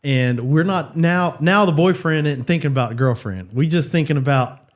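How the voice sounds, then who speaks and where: Man telling a funny story, high-ish voice. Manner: laughing through anecdotes, quick asides. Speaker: podcast co-host, youth leader. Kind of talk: casual storytelling chat.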